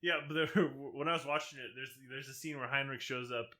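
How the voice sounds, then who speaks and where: Male podcast co-host, bright voice, easygoing with dry asides. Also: mid-range voice, fairly even intonation, fairly quick. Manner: laughs often, dry asides. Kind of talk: casual podcast chat.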